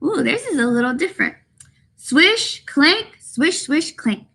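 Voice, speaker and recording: Bright, lively woman reading to children. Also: sits high, measured pace. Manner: animated sing-song read-aloud with animal noises. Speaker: children's librarian. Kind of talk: children's story time reading. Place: library room.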